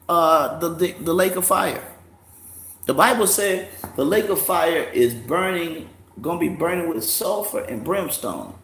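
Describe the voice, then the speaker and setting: The host of this casual livestream is a man whose voice is a little high, creaky, and somewhat bright. He's profane and mocking, laughing often, in an echoey room with faint background noise.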